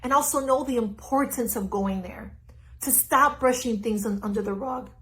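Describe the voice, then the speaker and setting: A middle-aged woman giving an earnest, animated live-stream talk as a spiritual teacher, speaking into her phone. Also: a little high, normal speed, poor audio. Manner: earnest, animated, laughs easily. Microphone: phone on a stand.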